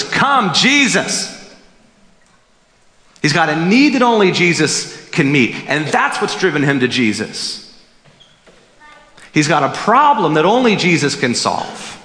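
A man preaching a sermon as pastor, emphatic and animated, acting out quotes as he goes. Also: on the high side. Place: church sanctuary. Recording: echoey hall reverb.

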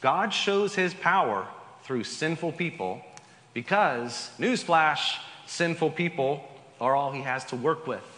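A man's voice: on the high side, expressive, slow pace, a bit bright. A man preaching a Sunday sermon as pastor, conversational and emphatic, with asides to the congregation in a church sanctuary. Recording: long hall reverb.

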